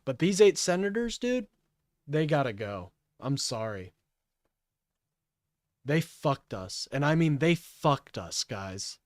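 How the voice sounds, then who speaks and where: A man's voice: fairly high pitch, sing-song, slow, pauses often, dry recording, studio quality. A man hosting a livestream, ranting in an agitated, profane way and apologizing often.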